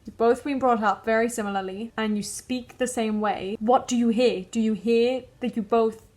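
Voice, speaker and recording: A woman's voice: fairly high pitch, fairly even intonation, moderate pace, darkish tone. A young woman from the Netherlands with a mostly British accent that carries a trace of Dutch and Australian, chatting to camera and wondering aloud. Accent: British English with Dutch and Australian traces. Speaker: vlogger. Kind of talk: casual chat to camera.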